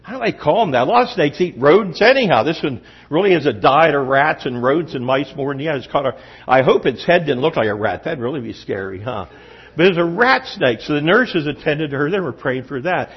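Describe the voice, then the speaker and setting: A man's voice: fairly high pitch, animated, a little fast, slightly rough. A middle-aged man preaching a sermon to a room, telling stories with animation and quizzing the audience. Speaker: pastor. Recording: dull lo-fi recording.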